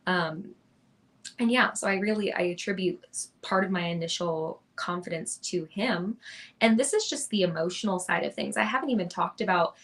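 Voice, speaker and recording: Low-voiced young woman telling her story. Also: moderate pace, fairly bright tone. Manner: earnest and chatty, with many restarts. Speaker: podcast guest. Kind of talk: casual interview storytelling.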